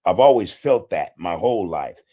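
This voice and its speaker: A man's voice: sits low, sing-song, moderate pace, mellow. A man hosting a casual livestream, reading chat comments in a laid-back way, swearing freely and chuckling often. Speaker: podcast host reading live chat.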